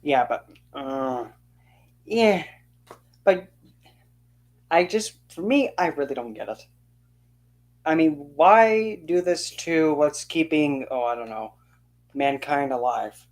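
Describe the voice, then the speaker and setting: Vlog rant, indignant, sarcastic, mid-pitched voice, mocking quoted voices. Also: animated, slow, pauses often. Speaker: occult channel host. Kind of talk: ranting opinion monologue.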